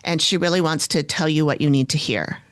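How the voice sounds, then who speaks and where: A woman with a deep voice co-hosts a podcast, telling stories in a chatty, casual way and laughing often. She speaks fairly quickly, and the recording is dry with studio quality.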